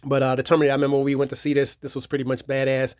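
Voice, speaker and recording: A man's voice: medium pitch, monotone, very fast, darkish tone, dry recording, studio quality. A man giving a casual, rambling show-and-tell of his movie collection, repeating himself and leaning on fillers. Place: home theater room.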